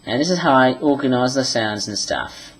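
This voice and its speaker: A man giving a rambling vlog walkthrough of how he edits his animations, full of restarts and quick apologies. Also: mid-range voice, lively intonation, background noise. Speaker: animation vlogger. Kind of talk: screen-recorded tutorial chat.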